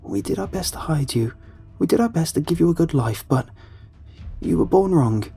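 A frightened, tearful mother pleads with her child in a horror storybook, her voice lifted high and cracking with emotion, put on by a male narrator. The tone is soft and mellow, with faint music beneath. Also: lively intonation, moderate pace, husky, exaggerated voice. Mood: weeping. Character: grieving mother turning monstrous, pleading.

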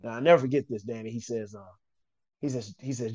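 A man's voice: mid-range voice, fast talker, no room sound, dull audio. A man, a former quarterback, tells a story in an interview and acts out the voices of the people in it.

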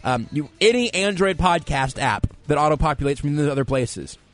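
Man, sports talk host, loose and conversational, slightly high voice. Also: animated, moderate pace, faint music behind. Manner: rambling, conversational, reads listener comments aloud. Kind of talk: casual sports talk show.

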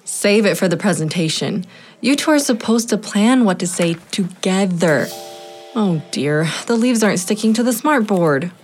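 A cheerful, encouraging grade-school teacher voiced by a woman with an ordinary mid-range voice. Soft music plays faintly behind her in this children's audio drama. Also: mid-range voice, expressive, normal speed, close to an everyday voice. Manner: warm, encouraging.

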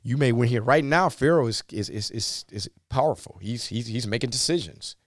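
A man's voice: mid-range voice, normal speed, dry recording, clean studio sound. A man preaching a sermon in a folksy style, acting out the biblical figures as he explains the scripture. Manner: animated, folksy, acts out biblical dialogue.

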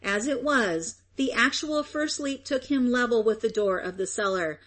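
A woman reading a story aloud as narrator, in a measured, expressive way. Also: fairly high pitch. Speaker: audiobook narrator. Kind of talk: scripted narration.

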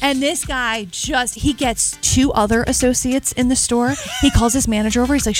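High-voiced young woman telling a story. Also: normal speed, soft background music. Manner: animated, laughing, self-mocking storyteller. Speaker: radio co-host. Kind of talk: morning radio chat, storytelling.

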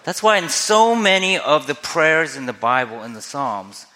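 A man's voice: on the high side, very animated, normal speed, sharp tone. A man preaching a sermon as a pastor, earnest and conversational, often asking his listeners rhetorical questions. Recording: long hall reverb.

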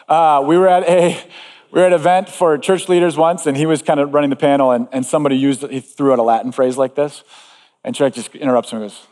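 A man's voice: a little high, darkish tone, in a large hall. A man preaching a sermon as pastor, earnest and emphatic, repeating key phrases.

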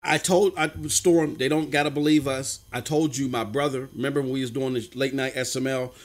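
A man's voice: mid-range voice, fairly even intonation, brisk. A man co-hosting a gaming livestream, chatting casually in slang and telling stories. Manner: storytelling, slangy, affirms with mm-hmm.

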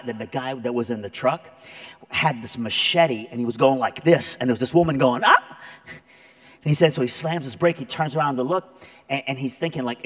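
A man preaching a sermon as a guest speaker, telling stories conversationally with many fillers and building to loud, emphatic peaks. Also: mid-range voice. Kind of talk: sermon with storytelling.

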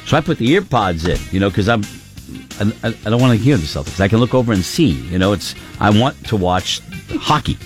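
A man's voice: fairly low pitch, sing-song, brisk, faint music behind. A middle-aged man hosting a morning radio show, telling rambling stories in casual banter with lots of fillers and restarts.

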